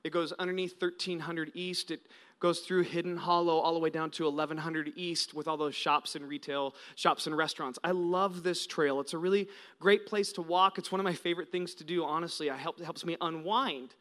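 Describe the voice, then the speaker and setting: This American man in his thirties is a pastor delivering a sermon, telling stories with animation and swinging between loud and hushed. His voice is fairly high and his pace brisk.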